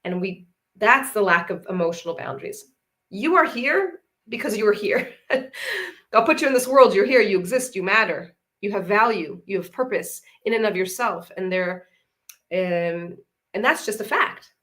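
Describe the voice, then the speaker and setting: A woman's voice: medium pitch, animated, moderate pace, a bit bright. An earnest woman speaks as a parenting coach over a video call. She builds her points through short, repeated affirmations. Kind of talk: conversational discussion.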